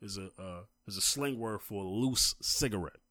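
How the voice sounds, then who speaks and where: Co-hosting a casual conversation, a man recounts a story at length, getting heated and emphatic as it goes on. His lowish voice is bright and forceful, at a moderate pace, with no echo.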